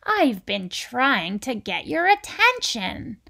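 A woman voicing Anger, a personified male spirit who speaks in a sly, conspiratorial way and turns soft. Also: fairly high pitch, very animated, slow, creaky, full character voice. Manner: conspiratorial, later soft and whispery. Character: personified Anger, a male spirit friend, hotheaded then tired.

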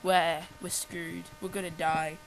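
Flat and gravelly, his slightly high voice moves a little slowly as this co-host teases his friend over casual gameplay, joking and rambling. He has a cold and sounds stuffy, and the poor audio picks up a crowd behind him.

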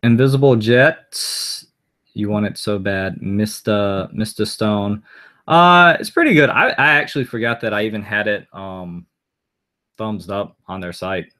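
A man's voice: fairly low pitch, expressive, a little slow, bright, forceful tone. A man chatting casually on a live stream, rambling and answering viewer comments aloud as he goes.

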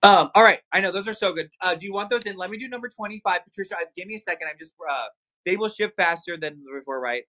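A man hosting a live shopping stream, excitedly hyping luxury items and talking straight to his viewers. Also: high-pitched, fast, low-quality recording. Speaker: livestream shopping host. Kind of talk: live sales stream chat.

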